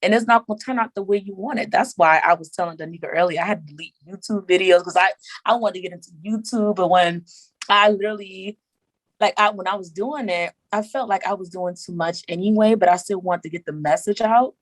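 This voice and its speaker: A woman talking as a podcast guest in casual chat, animated and emphatic, repeating her words for emphasis. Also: mid-range voice, brisk, no room sound, poor audio.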